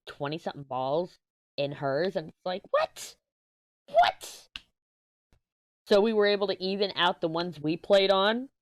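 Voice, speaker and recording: A woman's voice: deep voice, clean tone, dry recording. A woman, casually chatting as a crafting channel host and rambling through a story, correcting herself as she goes. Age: 30s. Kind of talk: casual chat while diamond painting.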